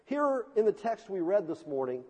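In a church sanctuary with long reverb, a male pastor delivers an impassioned, emphatic sermon full of dramatic swells. His high voice is sing-song and a little mellow with a breathy edge, at a normal speed.

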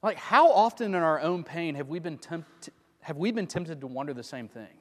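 A man with a fairly high voice and lively intonation preaches a sermon conversationally at normal speed, often putting rhetorical questions to his listeners. The recording carries the long reverb of a large hall.

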